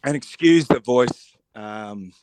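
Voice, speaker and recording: A man with a husky, cold-roughened voice co-hosting a radio show, talking in an animated, rambling way with many restarts. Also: mid-range voice, slow, no room sound. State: recovering from a cold. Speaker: radio co-host. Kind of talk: casual radio chat.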